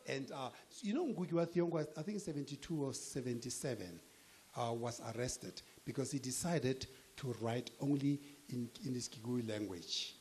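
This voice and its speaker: A man's voice: medium pitch, normal speed, darkish tone, a little hiss or hum. A man from South Africa talking casually to an audience, joking and dropping in local-language phrases. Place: event hall with audience.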